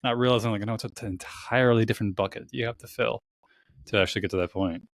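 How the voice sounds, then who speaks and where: A man's voice: on the low side, steady tone, quick pace, vocal fry, no room sound, clean studio sound. A man hosting a podcast, talking in a casual, rambling way, swearing freely and laughing easily. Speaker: podcast host. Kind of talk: casual conversational interview.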